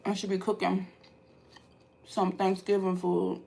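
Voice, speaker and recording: Animated chatty vlogger woman, slow-paced. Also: medium pitch, creaky. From Ohio. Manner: animated, swings from hushed to loud exclaims. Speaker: vlogger answering live chat. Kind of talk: casual storytelling chat.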